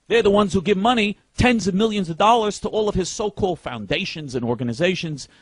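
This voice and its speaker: A man's voice: high-pitched, expressive, quick pace, breathy edge, dry recording. A man delivering a heated political rant, indignant and emphatic, stumbling over repeated words as he pushes on. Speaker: political commentator.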